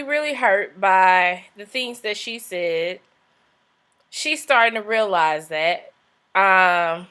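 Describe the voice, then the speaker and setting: A woman's voice: medium pitch, bright, forceful tone. A young woman casually recapping a reality show, chatty, with sassy asides and acted-out quotes.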